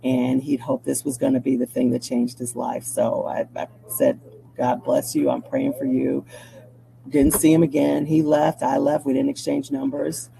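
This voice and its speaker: A middle-aged woman from Chicago, a news anchor, telling a personal story as an interview guest in a reflective, animated way. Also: very deep voice, normal speed, gravelly, poor audio. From Chicago, USA.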